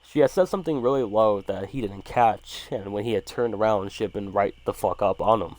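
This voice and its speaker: A man's voice: fairly low pitch, fairly quick, darkish tone, no echo. A man casually reading a horror story aloud, swearing freely and stumbling over words now and then. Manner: casual, profanity-laced, stumbles and restarts.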